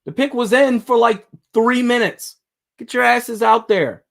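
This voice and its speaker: A man hosting a casual livestream, talking back at the screen and breaking into laughter and shouts. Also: very high voice, measured pace, gravelly. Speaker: livestream host.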